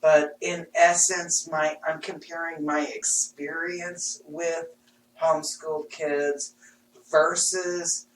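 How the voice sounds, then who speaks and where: A woman in her fifties chats bluntly and with lots of laughter about her work as a healer. Her voice sits a little low. She is recorded in a roomy space from some distance, with a faint hum underneath. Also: slow. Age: 50s. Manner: frank, animated, laughs often. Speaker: intuitive reader and healer. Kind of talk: casual chat. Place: studio room.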